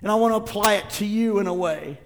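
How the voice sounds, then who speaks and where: Male pastor preaching, slightly high voice, shifts between fervent and hushed delivery. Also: fast, in a large hall. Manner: impassioned, swinging from loud preaching to hushed reading. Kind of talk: sermon.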